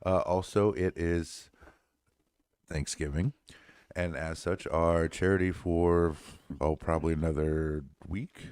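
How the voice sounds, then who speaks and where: Deep-voiced man hosting a casual podcast. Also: fairly even intonation, slow pace, darkish tone, clean tone, no room sound, studio quality. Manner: loose, joking, rambling. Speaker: podcast co-host. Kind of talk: casual chat and sign-off.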